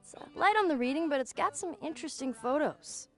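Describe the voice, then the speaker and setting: Sarcastic, capable teen girl in a game, high-pitched and teasing, as an actress plays her. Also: lively intonation, a little fast, a bit bright, soft background music. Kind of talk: video game performance.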